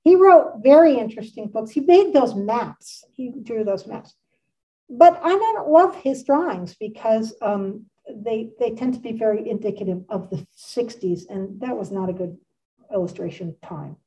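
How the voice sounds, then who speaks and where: Warm, animated, and unhurried, her fairly high voice belongs to a woman in her sixties talking art history casually at a community center meeting room. She's chatty and eager, often wandering into asides, and the recording is distant and dull.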